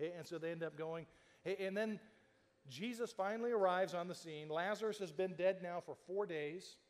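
A man's voice: high voice, normal speed, big-room sound. A man preaching a sermon as a pastor, telling the story conversationally and acting out the quoted lines, with frequent restarts.

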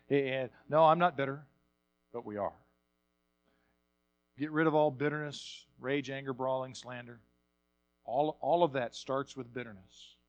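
A male pastor preaching a sermon, repeating words as he builds up, swinging from quiet asides to loud bursts. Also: mid-range voice, no echo, muffled recording.

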